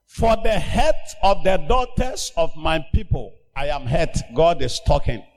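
A man preaching a sermon as pastor, emphatic and slow, breaking into shouted commands for healing. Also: on the high side, sing-song, creaky, in a large hall.

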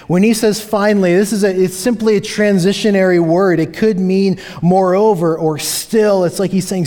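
A man's voice: sits high, steady tone, normal speed, hardly any pauses, warm tone. A man preaching a sermon, earnest and emphatic, often repeating key phrases for weight. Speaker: pastor. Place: church sanctuary.

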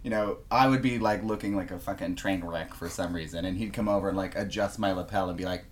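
A man co-hosting a podcast, telling a story in casual chat, animated and laughing a lot as he talks. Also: deep voice, quick pace, slight background noise. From Canada. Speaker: podcast co-host.

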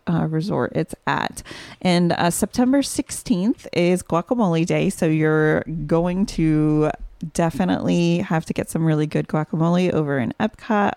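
A woman co-hosting a podcast with a slightly low voice, chatty and quick to giggle. Her voice is close and dry, with no room sound. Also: warm tone, dry recording. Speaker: podcast co-host. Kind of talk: casual chat.

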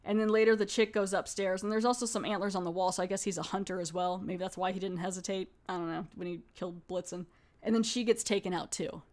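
A woman's voice: medium pitch, fairly even intonation, quick pace, a little mellow. A woman casually reviewing a horror anthology film, retelling scenes in a chatty way with quoted lines. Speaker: movie reviewer.

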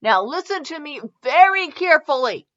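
A woman doing a fussy mad scientist who barks clipped instructions. The sound is bright and edgy. It is a muffled, lo-fi home reading. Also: sits high, sing-song, moderate pace, pitched above the performer's own voice. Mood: urgent. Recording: dull lo-fi recording.

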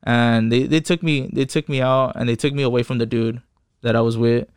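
A man's voice: medium pitch, steady tone, a little fast, smooth, no echo, clean studio sound. A young man telling his own story in casual talk, profane and rambling, acting out what others said. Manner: profane, quotes people in voices, rambling restarts.

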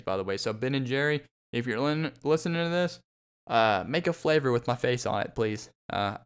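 A man's voice: medium pitch, smooth. A young man hosting a solo podcast, rambling and joking with lots of fillers and restarts. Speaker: podcast host.

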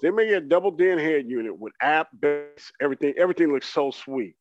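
A man co-hosting a podcast, delivering a comedic rant in an animated, mock-boastful way and acting out his own excitement. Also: fairly high pitch, fairly quick, dull audio, over music. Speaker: podcast co-host.

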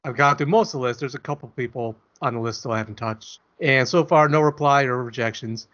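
A man co-hosting a podcast talks a little fast in a medium-pitched, slightly bright voice. His casual chat is rambling, jokey and self-deprecating, and the audio sounds dull and lo-fi.

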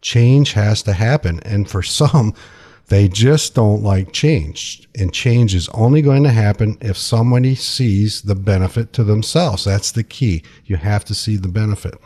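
A man with a husky, somewhat low voice talks money in a relaxed, folksy way on a radio show. He restarts phrases and repeats words as he explains. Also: unhurried. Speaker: financial advisor guest. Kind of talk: casual radio talk.

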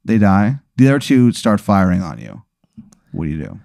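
A young man narrating a tabletop-style story as game master, rambling and animated with many fillers. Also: lowish voice, normal speed, vocal fry, dry recording, studio quality. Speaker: game master and podcast host.

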